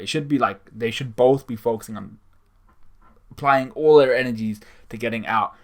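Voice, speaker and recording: A man's voice: medium pitch, moderate pace. A man giving a casual, sarcastic manga chapter review, swearing freely and acting out the characters' lines.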